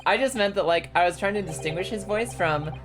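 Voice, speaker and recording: A woman's voice: medium pitch, a little fast. A woman streaming a game, chatting casually with lots of swearing, giggles and exclamations, over game music.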